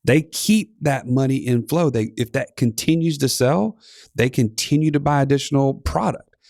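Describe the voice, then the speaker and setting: Gravelly man chatting on a finance podcast. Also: mid-range voice, moderate pace, a little mellow, dry recording, clean studio sound. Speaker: podcast co-host. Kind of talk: casual finance podcast chat.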